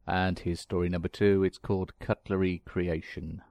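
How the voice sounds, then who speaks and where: A man's voice: deep voice, little pitch movement, normal speed, darkish tone, no room sound. A man reading short stories aloud in scripted narration, with a dry, wry delivery. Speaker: storyteller.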